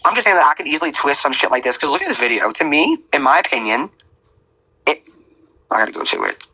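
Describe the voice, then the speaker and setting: A man's voice: on the high side, huge pitch swings, fast talker, bright, forceful tone, breathy edge, poor audio. A man giving rambling, blunt, profane casual commentary to an online audience.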